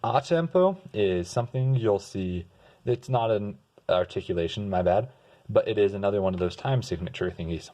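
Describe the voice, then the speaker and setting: A young man giving a casual music lesson, explaining terms in a relaxed way and singing short example notes. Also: on the low side, quick pace. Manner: relaxed, sings example notes and restarts words. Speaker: music tutor.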